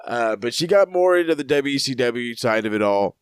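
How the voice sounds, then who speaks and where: A man's voice: medium pitch, lively intonation, normal speed, clear, resonant tone, no room sound, clean studio sound. A man co-hosting a wrestling review podcast, rambling through profane, jokey recaps in casual chat. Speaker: podcast co-host.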